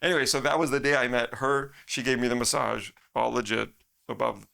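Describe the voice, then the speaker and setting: Gravelly, bright-voiced man rambling. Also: mid-range voice, a little fast. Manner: rambling, laughs often, animated when quoting. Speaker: podcast guest. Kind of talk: casual storytelling.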